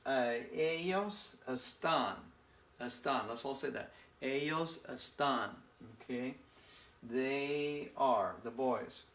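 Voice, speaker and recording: A man teaches a beginner Spanish class at an unhurried, deliberate pace. He repeats each word and keeps asking "okay?" to check that his students follow. His voice echoes around the room. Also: medium pitch, a bit bright. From northern United States. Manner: slow and repetitive, checking in with "okay?". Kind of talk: slow, patient classroom lesson.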